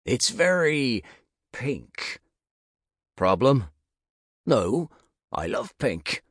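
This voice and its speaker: A man's voice: medium pitch, very animated, very slow, a bit bright, slightly rough, no echo, studio quality, pitched above the performer's own voice, exaggerated voice. A man voicing an arrogant young male lich in an audiobook, sneering and taunting theatrically. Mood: scornful. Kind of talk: audiobook character voice.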